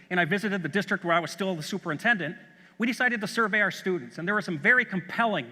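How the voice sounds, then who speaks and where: A middle-aged man from Chicago gives an eager, anecdote-filled keynote at a conference. His voice sits high for a man and comes across sharp and forceful. A long hall reverb trails behind every phrase. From Chicago, USA. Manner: enthusiastic anecdotal storytelling. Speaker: school superintendent.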